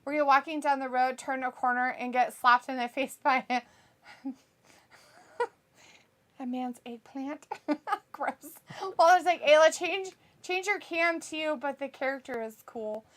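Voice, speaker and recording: A woman's voice: sits high, measured pace, fairly bright tone. A woman co-hosting a live watch-along, casually reading viewer comments aloud, laughing often and swearing freely. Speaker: co-host of a wrestling watch-along.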